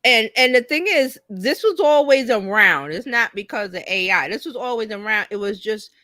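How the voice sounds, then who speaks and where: A middle-aged woman co-hosting a casual business chat, animated and jumping high in pitch when she quotes herself. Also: normal speed, no room sound, clean studio sound. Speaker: co-host, business coach. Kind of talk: casual live-stream chat.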